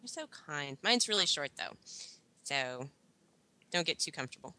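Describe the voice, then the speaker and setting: A woman's voice: low-pitched, very animated, moderate pace, sharp tone. A woman guest on a casual podcast, teasing the host with wry banter.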